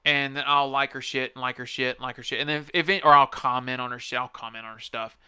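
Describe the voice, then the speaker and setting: A man's voice: medium pitch, fairly even intonation, quick pace, bright, forceful tone, clear, resonant tone, dry recording. A man hosting a podcast, ranting in a casual, profane, rambling and emphatic way into a close microphone. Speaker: podcast host. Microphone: close podcast mic.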